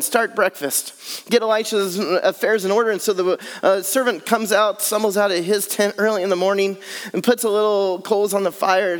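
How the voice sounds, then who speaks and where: A man's voice: high-pitched, long reverb tail. A man preaching a sermon earnestly, building his points in repeated lists. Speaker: pastor.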